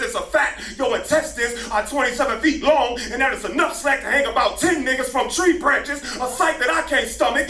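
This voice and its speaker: High-voiced man at a poetry slam. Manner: intense, building to shouted lines. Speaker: spoken word poet. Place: live venue, room with audience. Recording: echoey live room from far off.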